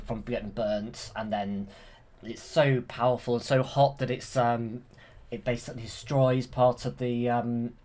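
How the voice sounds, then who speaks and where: Excited man rambling through a film retelling. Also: mid-range voice. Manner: eager, rambling, many ums and restarts. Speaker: YouTube creator. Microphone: handheld camera.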